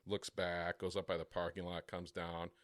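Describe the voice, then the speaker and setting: A man co-hosting a podcast, telling a crude, profane story with plenty of swearing and quick imitations of other people. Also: sits low, completely flat delivery, dry recording, studio quality. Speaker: podcast co-host. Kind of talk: casual storytelling chat.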